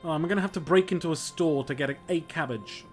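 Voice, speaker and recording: A man casually commenting as he plays a video game, joking, laughing and talking to himself. His voice sits a touch high for a man. Soft game music plays faintly under him. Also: fast. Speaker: historian streaming a game.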